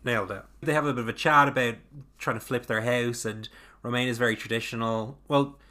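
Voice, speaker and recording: A man's voice: mid-range voice, fairly even intonation, fairly quick, sharp tone. A man co-hosting a podcast, recapping a reality show in dry, playful banter. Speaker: podcast co-host. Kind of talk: casual recap chat.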